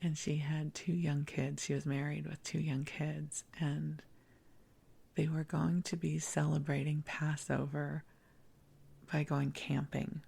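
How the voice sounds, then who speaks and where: A middle-aged woman hosting a sleep podcast, rambling softly in a half-whisper and laughing at herself. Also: low voice, flat delivery, takes it slowly, creaky, husky. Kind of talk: soft bedtime rambling.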